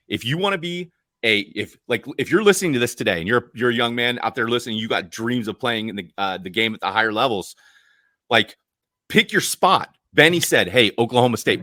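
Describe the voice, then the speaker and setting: A man hosting a podcast interview, speaking earnestly and haltingly, often restarting his sentences. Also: lowish voice, bright, forceful tone, dry recording, studio quality. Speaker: podcast host.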